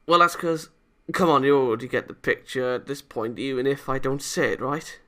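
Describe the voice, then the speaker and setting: A man's voice: mid-range voice, a little fast, bright, forceful tone. A man reading a visual novel aloud for a let's-play, narrating plainly and voicing the hero casually.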